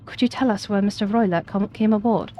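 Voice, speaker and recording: A woman's voice: mid-range voice, a little fast, warm tone, slight background noise, close to an everyday voice. A woman reads an earnest young law student from a video game in her own natural voice. He questions people hesitantly, with small stumbles.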